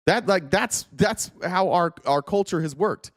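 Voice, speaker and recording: A man hosting a reaction commentary stream, animated, sarcastic and profane. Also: sits high, unhurried, dry recording, clean studio sound. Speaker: host.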